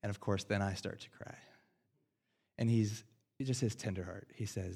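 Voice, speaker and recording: An American man in his thirties preaching a sermon, earnest and self-deprecating, swinging between loud and hushed. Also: fairly low pitch, fairly even intonation, normal speed, gravelly, long pauses, breathy edge. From United States. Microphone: headset.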